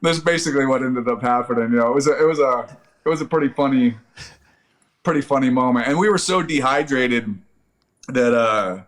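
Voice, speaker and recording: A middle-aged man, an Army veteran and podcast guest, telling stories in casual, profane talk and acting out shouted quotes. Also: mid-range voice, a little fast. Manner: animated, profane, acts out yelling quotes. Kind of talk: casual storytelling.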